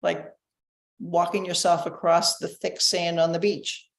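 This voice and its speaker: A woman's voice: on the low side, flat delivery, a little slow, roomy sound. A middle-aged woman guest chatting casually on a video call, laughing easily. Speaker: guest, co-host of a channel. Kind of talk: casual live-stream chat.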